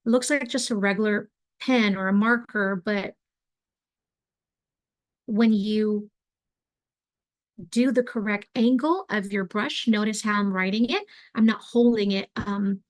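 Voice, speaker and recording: A young adult woman leads an online craft class, chatting loosely as she works. Her speech is relaxed and full of little fillers, and her pitch sits in a middle range for a woman. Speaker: craft instructor.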